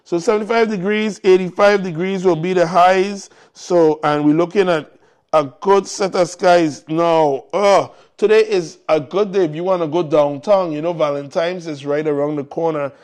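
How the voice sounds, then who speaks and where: A man's voice: sits high, fairly even intonation, normal speed, darkish tone. Upbeat man hosting live. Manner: upbeat, repetitive exhortations to the audience. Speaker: morning show host. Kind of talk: casual live show chat.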